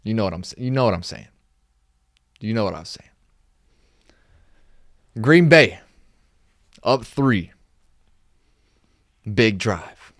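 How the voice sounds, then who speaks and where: A man's voice: fairly low pitch, measured pace, pauses often, no room sound, clean studio sound. A young man hosting a casual live-stream recap, reading from his notes and firing off exasperated rhetorical questions. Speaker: podcast host recapping games.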